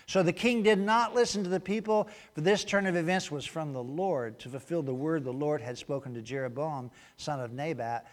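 A man preaching a sermon in a church, acting out quotes loudly and then dropping to quiet asides. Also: a little high, moderate pace, hardly any pauses. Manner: animated, acts out quotes loudly, then drops to a hushed aside. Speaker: pastor.

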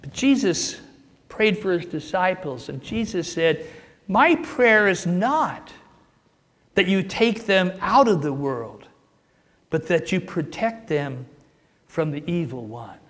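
A man's voice: animated, slow pace, fairly bright tone. A man preaching a sermon with emphatic delivery, building up and dropping his voice for emphasis. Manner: emphatic, rising and falling for emphasis, acts out a joke with raised pitch.

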